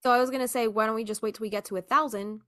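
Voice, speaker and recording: A woman's voice: a little high, steady tone, a bit bright, dry recording, clean studio sound. Chatty swearing woman podcast host. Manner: chatty, swears freely, quick laughs. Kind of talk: casual chat.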